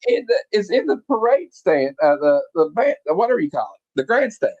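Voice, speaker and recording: Animated man retelling a comic, higher voice. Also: a little fast, no echo, highs cut off. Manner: animated storyteller, acting out characters. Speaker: comic book reviewer. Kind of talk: casual chat, retelling a comic.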